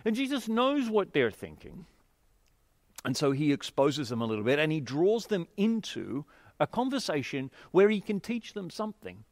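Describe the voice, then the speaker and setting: Guy preaching a sermon, super animated up-and-down voice, dry close sound. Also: fairly high pitch, normal speed, no echo. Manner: expressive, emphatic storytelling. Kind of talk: sermon with scripture reading.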